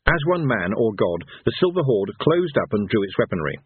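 A man narrating a fantasy audiobook in an expressive, storytelling manner. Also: lowish voice, brisk, slightly rough, no echo. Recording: tinny phone-like sound.

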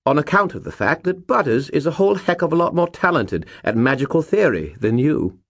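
A man's voice: a little high, big pitch swings, fairly quick, a bit bright, slightly rough, no echo, studio quality, voice pushed up, full character voice. A man putting on a brash wisecracking skull spirit. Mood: cheerful. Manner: sly, teasing, brash.

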